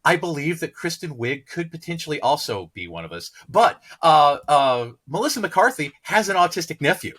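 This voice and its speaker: A man's voice: a little high, very animated, normal speed, hardly any pauses, a bit bright, slightly rough. A man co-hosting a podcast, chatting enthusiastically in long run-on stretches. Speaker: podcast co-host. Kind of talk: casual podcast chat.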